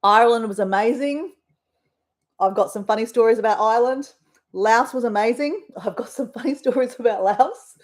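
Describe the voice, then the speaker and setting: An Australian woman hosts a casual live stream, rambling along as she chats with her viewers. Her voice is fairly high, with a darkish tone and normal speed.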